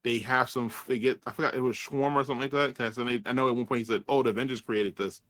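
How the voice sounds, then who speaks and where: A man's voice: mid-range voice, fairly even intonation, rapid-fire, fairly bright tone, dry recording. A man reviewing a movie in casual chat, rambling and swearing as he retells scenes. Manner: rambling, profane, acts out characters' lines.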